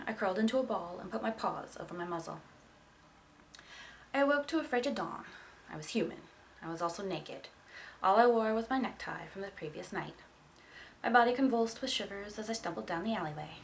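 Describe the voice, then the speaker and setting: A woman's voice: medium pitch, vocal fry, slight background noise. A woman reading a novel aloud, narrating expressively in the first person. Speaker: audiobook reader. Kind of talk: storybook reading.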